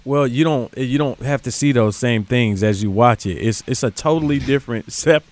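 A man who is a regular on a sports radio show, calmly explaining something. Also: medium pitch, normal speed. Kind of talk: casual sports radio chat.

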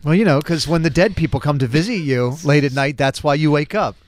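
A man hosting a morning radio call-in show, telling a story in an animated way. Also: on the high side, a little fast, a little hiss or hum.

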